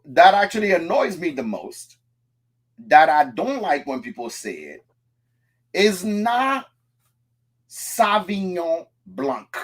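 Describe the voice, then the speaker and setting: A man from France hosting a casual talk show, telling stories and correcting pronunciation with animated energy. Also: on the high side, measured pace, pauses often, husky. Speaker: podcast host. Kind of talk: casual chat.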